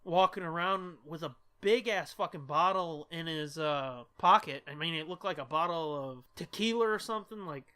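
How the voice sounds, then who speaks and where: Bright-voiced, profane storytelling man. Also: a little high, moderate pace, hardly any pauses, clean tone. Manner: profane, rambling anecdote telling with laughs. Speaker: podcast co-host. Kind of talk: casual storytelling.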